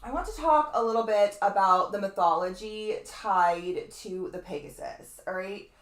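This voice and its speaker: A woman's voice: mid-range voice, normal speed, roomy sound. A woman astrologer giving a casual, rambling lecture in a webinar, full of asides and the odd swear word. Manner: chatty, digressive, fond of asides and mild swearing.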